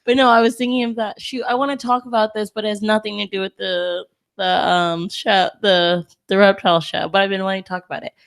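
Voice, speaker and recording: A woman's voice: mid-range voice, little pitch movement, a little fast. A woman co-hosting a reptile podcast in casual chat, chatty and drifting off topic. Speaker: podcast co-host.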